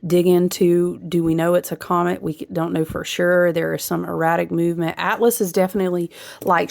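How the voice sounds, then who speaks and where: A woman with a fairly low voice and some vocal fry gives a rambling, intuitive spiritual astrology reading. She keeps breaking off into asides and laughter.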